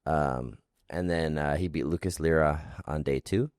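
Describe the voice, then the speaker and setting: A young man with a very low voice chats loosely on a podcast, drifting from one half-finished thought to the next. The sound is close and dry, with no room around it. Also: unhurried, a little mellow, no room sound. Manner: laid-back, rambling, trails off mid-sentence. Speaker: podcast co-host. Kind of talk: casual chat.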